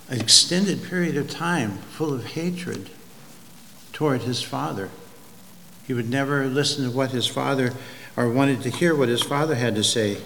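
A man preaching a sermon, telling an illustration slowly and deliberately, with pauses and restarts. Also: medium pitch, a bit bright. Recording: long hall reverb, faint ambient noise.

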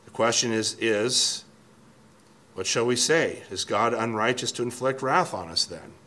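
Teaching verse by verse through a Bible passage, this man thinks aloud and reads commentary quotes. His medium-pitched voice is unhurried and sharp in tone, and he is thoughtful, often restarting phrases.

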